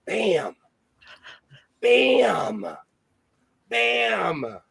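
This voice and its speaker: A man's voice: sits high, sing-song, drawn-out words, gravelly, fairly bright tone, husky, no room sound. A man hosting a casual sewing livestream, playful and exclamatory, laughing often as he tries on and shows off clothes.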